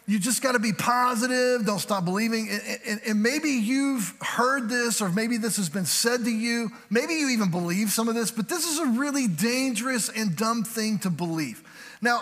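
A middle-aged male pastor preaching a sermon in a church, joking and conversational with quick asides. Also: high-pitched, a bit bright. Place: church sanctuary. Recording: hall reverb from a church sanctuary.

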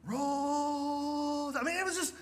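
A man's voice: very high-pitched, fairly even intonation, takes it slowly, a bit bright, long reverb tail. A man preaching a sermon as pastor, telling a story with emphasis and often checking in with the crowd. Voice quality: emphatic storytelling with frequent "okay?" check-ins.

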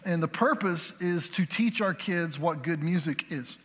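High-voiced joking male pastor preaching. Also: fairly bright tone, a little hiss or hum. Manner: joking, conversational preaching with quick asides. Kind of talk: sermon. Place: church sanctuary. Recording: hall reverb from a church sanctuary.

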